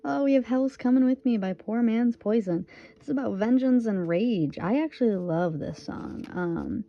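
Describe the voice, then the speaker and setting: A woman's voice: a little high, expressive, normal speed, dry recording, lo-fi sound. Earnest young woman giving a tarot reading. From Michigan, USA. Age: 20s. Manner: earnest, reassuring, repeats phrases for emphasis. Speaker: tarot reader.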